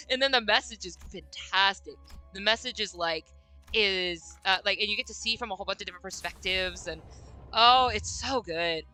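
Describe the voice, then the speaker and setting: A woman's voice: medium pitch, moderate pace, sharp tone, soft background music. A woman game streamer chatting casually and bubbly with her viewers, often breaking into giggles.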